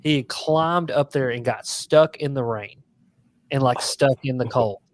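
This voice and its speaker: A man's voice: medium pitch, unhurried, dry recording. Laid-back man, dry sound. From Tennessee, USA. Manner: laid-back, rambling storyteller. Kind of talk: casual live-stream chat.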